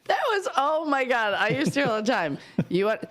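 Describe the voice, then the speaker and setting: A middle-aged woman co-hosting a radio show, teasing and quick to laugh in casual banter. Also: sits high, sing-song, fairly bright tone. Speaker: radio co-host. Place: radio studio.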